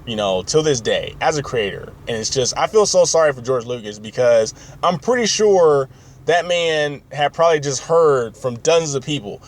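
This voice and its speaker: A man's voice: medium pitch, expressive, moderate pace. A man hosting a podcast in casual chat, rambling and opinionated with many fillers. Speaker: podcast host.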